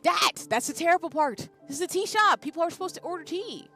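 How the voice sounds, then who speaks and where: A woman's voice: fairly high pitch, big pitch swings, brisk, fairly bright tone, faint music behind, pitched above the performer's own voice. Alta, a woman voicing a stubborn fighter. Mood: indignant. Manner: indignant and insistent.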